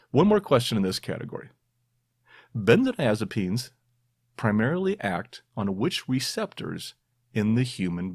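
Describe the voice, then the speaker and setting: A man's voice: fairly low pitch, husky, dry recording, clean studio sound. A man hosting a podcast, quizzing his listeners in a playful, self-mocking way. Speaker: podcast host. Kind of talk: quiz-style podcast monologue.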